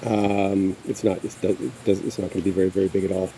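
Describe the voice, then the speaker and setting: A man speaks in a low, mellow voice with a flat, brisk delivery while casually touring his backyard garden outdoors. He rambles and hesitates often with fillers, and the poor audio carries faint insect noise.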